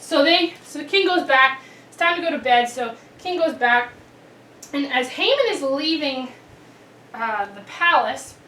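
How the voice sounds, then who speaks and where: A woman tells children a Bible story in a chatty, animated way. Her voice is high and sounds roomy and distant, with faint background ambience. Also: a little hiss or hum. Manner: chatty, animated, many restarts.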